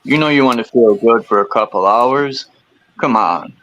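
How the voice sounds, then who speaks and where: A man's voice: mid-range voice, moderate pace, a bit bright, a little hiss or hum. A man in a casual group chat talking frankly and profanely, acting out his inner voice. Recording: dull lo-fi sound.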